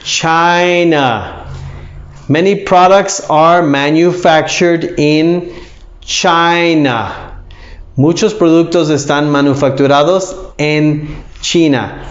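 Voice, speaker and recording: A man teaching English pronunciation, repeating each word slowly with exaggerated emphasis. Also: on the high side. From United States. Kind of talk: pronunciation lesson. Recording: echoey room, slightly dull sound.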